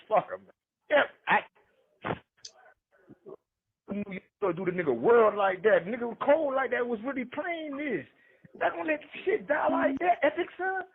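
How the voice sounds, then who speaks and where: A man's voice: very high voice, lively intonation, moderate pace, husky. A man telling rambling street stories as a podcast guest, slangy and jumping between names. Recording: tinny phone line.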